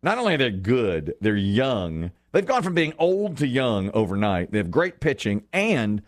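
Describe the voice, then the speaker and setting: A man hosting a casual sports talk show, his pitch swinging widely as he tells stories and acts out what others said. He laughs often, and his voice sounds close and dry with no room sound. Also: moderate pace, no room sound. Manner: animated storyteller, acts out quotes, laughs often.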